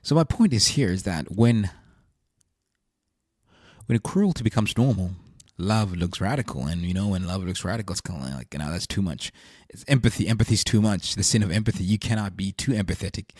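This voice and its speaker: Brief: male podcast host, low-pitched and earnest, searching reflective delivery, dry close sound. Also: husky, no echo. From South Africa. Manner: earnest, searching, thinks aloud. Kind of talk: reflective faith monologue.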